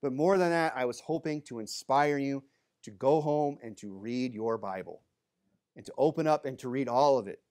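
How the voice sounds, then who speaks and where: A man preaching a sermon in an earnest way, moving from quiet, reflective passages to emphatic, rising exhortation. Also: medium pitch, normal speed. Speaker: pastor.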